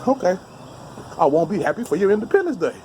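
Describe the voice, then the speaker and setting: A man's voice: high voice, huge pitch swings, very fast, a little mellow, slight background noise. A man giving a blunt, heated, profane rant to camera outdoors, heavy with street slang. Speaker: vlogger. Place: outdoors on steps.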